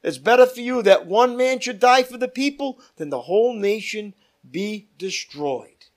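A man leading a Bible study as pastor, reading scripture aloud with emphatic rises and dropping to quiet asides. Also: sits high, expressive, normal speed.

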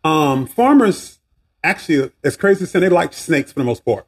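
A man's voice: normal speed, slightly rough. A man with a Southern accent hosting a faith podcast, talking casually and preachily, with restarts, asides and a voice that rises and falls a lot. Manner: preachy, animated, swinging pitch, asides and restarts. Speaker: podcast host.

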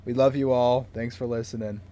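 A man co-hosting a casual podcast, joking around and laughing easily. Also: medium pitch. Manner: joking, quick to laugh, animated. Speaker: podcast co-host.

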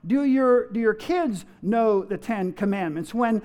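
A man's voice: high-pitched, expressive, a little slow, darkish tone. A middle-aged man preaching a sermon to his congregation, telling a joke and then making his point with emphasis. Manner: storytelling, emphatic, addresses the congregation. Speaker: pastor.

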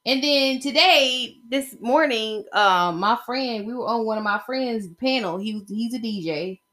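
A woman's voice: fairly high pitch, unhurried. Chatty woman podcast host. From Atlanta area. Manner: chatty, animated storytelling with bursts of excitement. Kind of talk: casual solo podcast chat.

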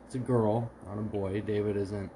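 A man's voice: lowish voice, flat delivery, normal speed, gravelly, mellow, a little hiss or hum, rough recording. Joking man, podcast co-host. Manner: joking, improvises mock stories. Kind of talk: casual chat.

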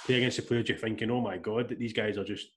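A man hosting a casual podcast, relaxed as he asks his guests questions. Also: fairly low pitch, quick pace.

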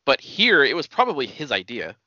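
A man's voice: mid-range voice, huge pitch swings, fairly quick, sharp tone, no echo. A man co-hosting a casual podcast, laid-back and swearing as he chats. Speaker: podcast co-host. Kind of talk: casual wrestling chat. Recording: dull, lo-fi dry sound.

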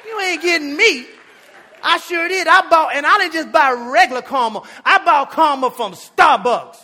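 A man preaching with a high, bright voice. He tells a comic story from the pulpit, building to animated shouts. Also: moderate pace. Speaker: pastor. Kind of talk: storytelling sermon.

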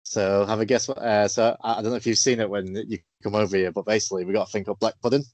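A man hosting a casual interview, relaxed and hesitant, with many fillers. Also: fairly low pitch, fast, dry recording. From England. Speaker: podcast host.

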